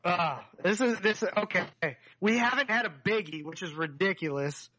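Bright-voiced man riffing on a podcast. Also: high voice, no room sound, low-quality recording. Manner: animated, joking, quick to riff. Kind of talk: casual podcast chat.

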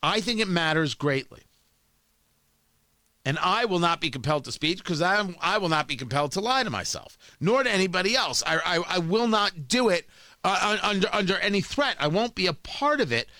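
A man's voice: high voice, expressive, fairly quick, bright, forceful tone, dry recording. A man delivering an emphatic opinion monologue as a talk host, often repeating words as he builds a point.

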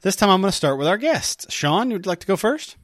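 A man's voice: high voice, big pitch swings, a little fast, no echo, faint music behind. A man hosting a casual group chat, jokey and leading the talk. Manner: jokey, leads the segments. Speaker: podcast host.

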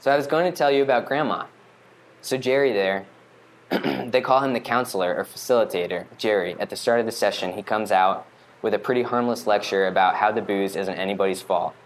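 A man's voice: lowish voice, fairly quick, slight background noise. Wry man telling a rambling monologue. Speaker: storyteller. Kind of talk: first-person monologue reading.

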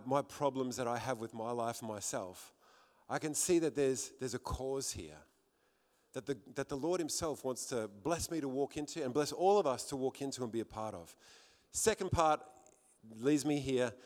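A man's voice: mid-range voice, animated, normal speed. A man preaching a sermon to a congregation in a church hall, fervent, often repeating words as he builds up. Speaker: pastor.

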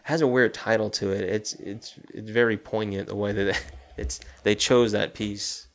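At a moderate pace and with fairly even intonation, a lowish-voiced podcast co-host goes over a horror film one scene at a time. His retelling is casual, and he acts out the lines he quotes.

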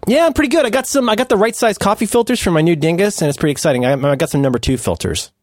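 A man's voice: on the high side, animated, very fast, dry recording. Guy riffing on a podcast, bouncy jokey delivery, super dry mic. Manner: playful, riffing, jumps into silly voices. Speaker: podcast co-host. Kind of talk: casual chat.

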